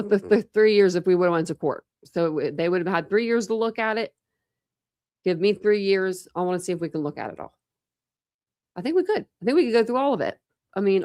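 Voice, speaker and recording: A woman's voice: mid-range voice, no echo, studio quality. A young woman hosting a casual true crime livestream, tired and rambling with many fillers. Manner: rambling, lots of fillers and restarts. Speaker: true crime channel host. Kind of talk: casual livestream chat with viewers.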